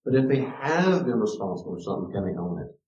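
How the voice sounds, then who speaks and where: A man's voice: fairly low pitch, very animated, quick pace, a little mellow. Middle-aged man telling folksy parenting stories. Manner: folksy storytelling, repeats words for emphasis. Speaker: teacher giving a parenting talk. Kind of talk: lecture with personal stories. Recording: roomy and distant, dull archive recording.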